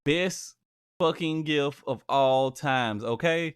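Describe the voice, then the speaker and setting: A relaxed man in a casual gaming chat, his voice at an everyday male pitch. He turns emphatic when something excites him and swears offhandedly. The recording is dry, with no room echo. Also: slow pace, smooth.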